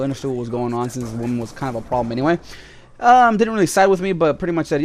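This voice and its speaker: A man's voice: mid-range voice, expressive, quick pace, fairly bright tone. A man vlogging casually, telling stories in a flippant, rambling way with asides to his viewers. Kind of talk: casual storytelling to camera.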